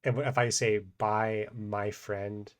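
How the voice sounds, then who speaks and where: Low-voiced man explaining grammar casually. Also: level tone, slow pace. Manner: thinks aloud with many fillers and restarts. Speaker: language teacher.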